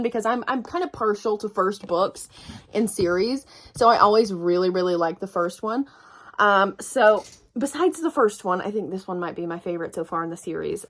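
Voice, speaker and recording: A young woman book vlogger in a casual reading vlog, expressive and swearing freely as she gives her reactions. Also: mid-range voice.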